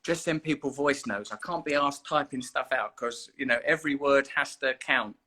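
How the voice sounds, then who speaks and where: A man talks casually to his livestream viewers from home, holding the phone himself. His voice is bright and forward, and he rambles in a loose, playful way that turns earnest. The sound is close and direct from the handheld phone. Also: mid-range voice, moderate pace. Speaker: livestream host. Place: indoors at home. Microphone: phone held at arm's length.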